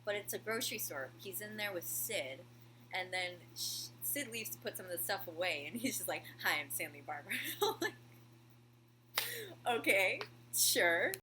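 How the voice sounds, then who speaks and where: Excitable girl gushing about a show, bright voice, says like a lot, faint heater hum in the room. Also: medium pitch, moderate pace. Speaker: video host reviewing a TV show. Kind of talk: casual chat. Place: room at home with a heater running.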